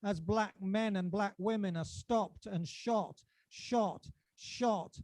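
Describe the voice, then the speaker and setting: An English poet reads his work at a book launch, his voice sitting fairly high and swelling with passion. Between poems he chats loosely and pokes fun at himself. The sound is dry and close. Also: takes it slowly, no room sound. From England. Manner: impassioned, rising to near-shouting at peaks; chatty and self-deprecating between poems. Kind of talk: performance poetry reading.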